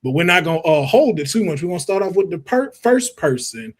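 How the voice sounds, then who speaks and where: A man hosts a casual panel talk, reading out picks and keeping things moving. His voice sits a little high. He sounds lively and engaged. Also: a little fast. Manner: lively, introduces guests' picks. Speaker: podcast host.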